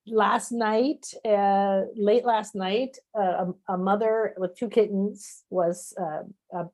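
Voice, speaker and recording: A woman's voice: mid-range voice, steady tone, takes it slowly. A woman host in a casual conversation, greeting her guest fondly and chatting with plenty of fillers. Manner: warm and chatty, frequent fillers.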